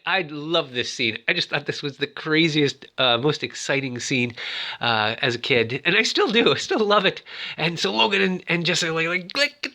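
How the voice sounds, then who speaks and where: Excitable man with a bright, lively voice. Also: on the high side. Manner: rambling, excitable, lots of fillers. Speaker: movie toy reviewer. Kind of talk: casual movie retelling.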